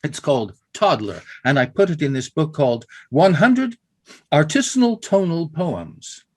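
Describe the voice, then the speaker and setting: A man giving an informal poetry lecture over a video call, halting, with many fillers and restarts and playful demonstrations. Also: a little high, very animated, a little mellow.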